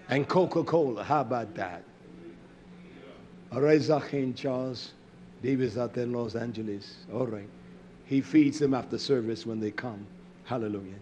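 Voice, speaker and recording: A man preaching a sermon, repeating phrases for emphasis and swinging between loud outbursts and low muttering, with a scornful edge.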